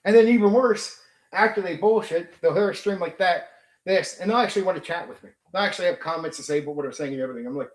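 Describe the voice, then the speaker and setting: A man's voice: high voice, fast, echoey room. A man hosting a tabletop gaming stream, ranting bluntly and profanely at his chat. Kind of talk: livestream rant.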